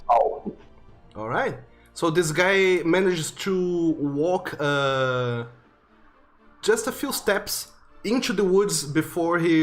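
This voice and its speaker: A young man as game master, narrating a tabletop game in vivid, halting descriptions full of fillers. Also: a little high, fairly bright tone.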